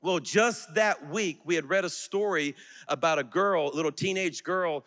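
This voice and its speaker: A middle-aged man preaching a sermon, telling a personal story that swells into fervent, shouted exhortation to the congregation. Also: a little high, normal speed. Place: large auditorium church. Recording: long reverb of a large auditorium.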